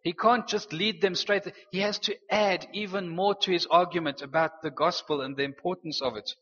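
A man preaching a sermon, earnest and animated, slipping in playful teasing asides. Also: sits high, moderate pace, husky. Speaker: pastor. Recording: dull, reverberant hall sound.

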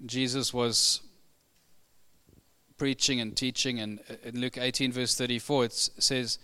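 Bright, clear-voiced male preacher in a hall. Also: medium pitch, little pitch movement, unhurried. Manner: builds to fervent, raised emphasis, then quiet and earnest. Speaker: pastor. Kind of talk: sermon. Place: church hall.

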